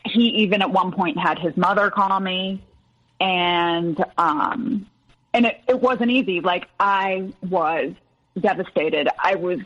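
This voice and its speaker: A woman guest recounting a personal story in a hesitant, halting way. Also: mid-range voice, fairly bright tone, muffled recording. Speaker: podcast guest.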